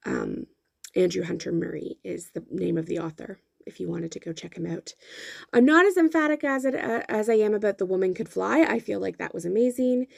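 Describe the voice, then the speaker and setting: A woman's voice: medium pitch, big pitch swings, fairly quick, gravelly, a little mellow, no room sound, clean studio sound. A young woman chatting her way through decorating a weekly planner, casual and full of fillers and self-corrections, with the hiccups. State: has the hiccups. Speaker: planner vlogger. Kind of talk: voice-over narration of a planner spread.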